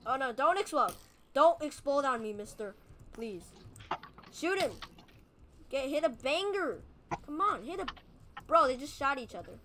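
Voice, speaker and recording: A woman giving casual gameplay commentary as a video host, excitable, pleading with and scolding creatures in the game. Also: sits high, a little slow, long pauses, slight background noise. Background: background music.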